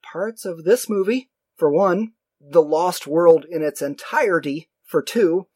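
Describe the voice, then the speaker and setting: A man chatting casually about movies as a podcast co-host, rambling and self-mocking with animated asides. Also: a little high, measured pace, husky, no room sound.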